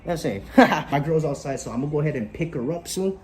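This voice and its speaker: A man's voice: on the high side, very fast, mellow, slight background noise. A young man ranting casually and bluntly to camera about communication, swearing often and tagging "right?" onto his sentences. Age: young adult. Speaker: motivational vlogger. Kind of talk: casual motivational rant to camera. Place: bedroom, then walking outdoors on a street.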